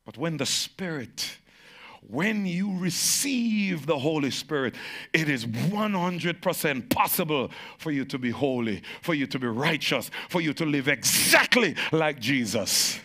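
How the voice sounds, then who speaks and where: High, gravelly, bright-voiced male preacher. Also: expressive. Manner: emphatic preaching, swinging from shouted peaks to low, drawn-out phrases; insistent repetition of phrases. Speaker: pastor. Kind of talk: sermon to a live congregation.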